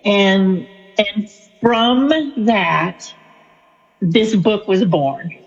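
A woman's voice: mid-range voice, drawn-out words, creaky, slightly rough. A woman author and spiritual counselor telling a story in an interview, chatty and full of fillers. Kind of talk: conversational interview answer. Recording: lo-fi with long reverb.

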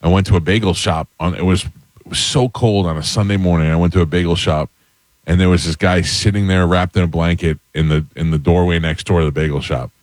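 A man's voice: low-pitched, fairly even intonation, a little fast, no echo. A man hosting a radio talk show, telling stories and acting out the dialogue in casual chat. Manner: storyteller acting out quoted dialogue.

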